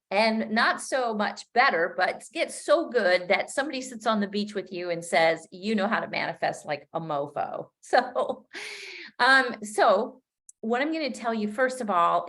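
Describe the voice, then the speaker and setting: A woman's voice: medium pitch, a bit bright. A middle-aged woman giving a live-streamed coaching talk. She is chatty and upbeat, speaks loosely and off the cuff, and laughs at her own slips. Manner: loose and unscripted, with frequent fillers and restarts. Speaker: business coach.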